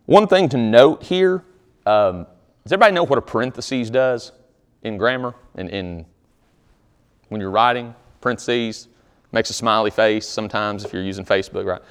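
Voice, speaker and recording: A man's voice: on the low side, moderate pace, clear, resonant tone. A man preaching a sermon as pastor, speaking conversationally with jokes and reading scripture aloud.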